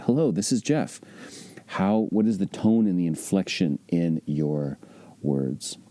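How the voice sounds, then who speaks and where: A man speaks in a low, deeply mellow voice, teaching in an easygoing but emphatic way. He keeps throwing rhetorical questions at the listener. The recording is dry and close, with no room sound. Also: no room sound. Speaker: real estate investor teaching. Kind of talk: instructional podcast talk.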